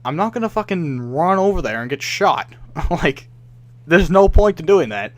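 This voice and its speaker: A man's voice: a little high, big pitch swings, normal speed, no room sound. A young man co-hosting a casual gaming podcast, ranting in frustration, swearing often and mimicking other players. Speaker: podcast co-host.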